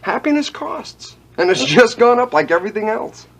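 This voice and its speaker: An actor playing a coaxing, scheming boyfriend in a 1980s TV soap opera. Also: male voice, high voice, very animated, normal speed, a bit bright, full character voice. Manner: coaxing, persuasive. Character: smooth-talking scheming boyfriend, Clipper.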